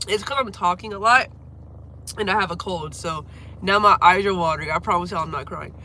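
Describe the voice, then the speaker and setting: A young livestreamer and singer with a low-leaning, sharp voice speaks briskly from home. Sick with a cold, she's congested and coughs often, apologizing as she chats casually over a little hiss or hum.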